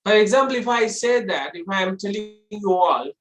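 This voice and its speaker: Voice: mid-range voice, animated, moderate pace, few pauses, fairly bright tone, reverberant, poor audio. A trainer giving a classroom lecture on public speaking. The trainer explains step by step and poses rhetorical questions, then answers them.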